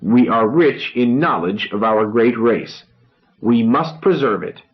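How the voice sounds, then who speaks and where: A man reading a novel aloud, voicing a grandiose young orator who speaks solemnly with dramatic pauses. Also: medium pitch, lively intonation, lo-fi sound, lightly acted.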